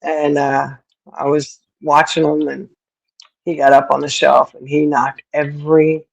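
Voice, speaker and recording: A middle-aged livestream host chats casually and laughs often while answering viewers, using a streaming microphone. She speaks in a deep, creaky voice with little pitch movement and an unhurried pace, and the recording is rough.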